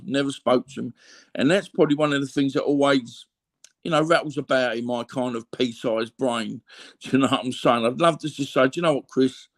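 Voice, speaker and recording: A man's voice: mid-range voice, vocal fry. A middle-aged Cockney man telling blunt, rambling stories as an interview guest, full of fillers and repeats. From London, England. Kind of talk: candid conversational storytelling.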